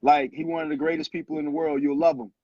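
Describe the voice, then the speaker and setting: A man in his thirties, a former pro basketball player and guest, telling animated stories in casual talk and acting out quotes. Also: on the high side, fast, no echo. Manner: animated storyteller who acts out quotes. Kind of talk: casual storytelling interview. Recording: muffled lo-fi audio, husky.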